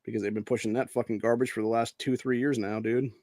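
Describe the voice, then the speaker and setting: A man's voice: mid-range voice, little pitch movement, fast talker, a little mellow, dry recording. Profane, brash male podcast host. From Ohio. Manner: profane, brash, says dude a lot. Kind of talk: casual news commentary.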